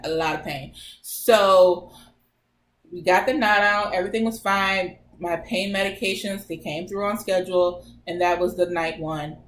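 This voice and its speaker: A young woman in her twenties vlogging in a lively, chatty way and slipping into other people's voices as she retells events. Her voice sits a little low. The recording has a roomy echo and a faint hum of background noise. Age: 20s. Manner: chatty, animated retelling that acts out others' lines. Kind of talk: casual personal storytelling.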